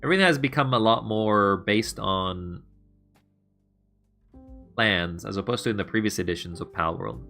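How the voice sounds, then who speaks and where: A man's voice: on the low side, moderate pace, gravelly, pauses often, pushed and bright, faint music behind. A man streaming a game, chatting casually with his viewers, rambling and laughing as he plays.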